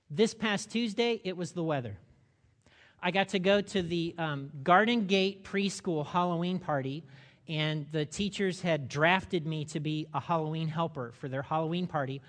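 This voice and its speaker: A male pastor preaching a sermon with animated, humorous storytelling. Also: fairly high pitch, big-room sound.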